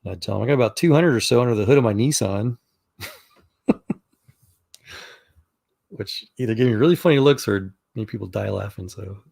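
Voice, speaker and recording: Middle-aged guy from texas rambling through stories, low voice with fry. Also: fairly quick, long pauses, darkish tone. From Texas, USA. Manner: rambling storyteller, many fillers and restarts. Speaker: chat room participant. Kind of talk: casual chat.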